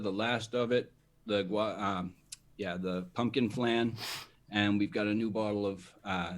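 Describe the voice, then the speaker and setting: A man's voice: on the low side, level tone, measured pace. A man in a casual live stream chat, matter-of-factly rattling off lists of gear.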